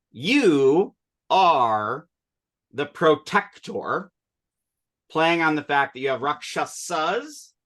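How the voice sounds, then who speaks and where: A male teacher leading an online class, patiently correcting pronunciation and explaining with quick asides. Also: medium pitch, a bit bright. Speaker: Sanskrit teacher.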